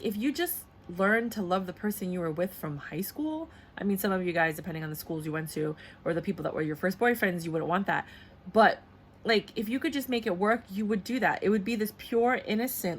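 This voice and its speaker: Blunt, animated woman reading tarot. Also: mid-range voice, slight background noise. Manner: blunt, animated, acts out voices mid-reading. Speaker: tarot reader. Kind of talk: casual tarot reading to camera.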